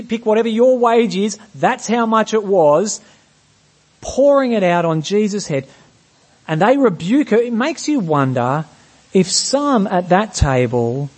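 A man's voice: high voice, a little mellow, slightly rough. A man preaching a sermon, often putting rhetorical questions to his congregation.

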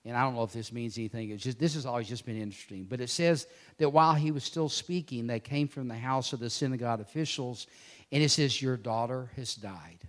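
A man preaching a sermon, swinging between loud emphatic declarations and hushed, intense passages. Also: mid-range voice, a little fast.

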